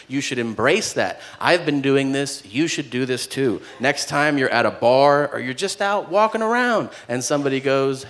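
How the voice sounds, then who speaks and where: A male stand-up comedian on a club stage, delivering a deadpan routine with dark punchlines. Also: medium pitch, normal speed, hardly any pauses.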